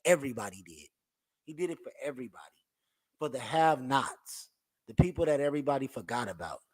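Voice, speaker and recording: A man's voice: medium pitch, very animated, fairly quick, a little mellow, breathy edge. A man hosting a podcast in a casual, laid-back way, talking straight to his viewers. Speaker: podcast host.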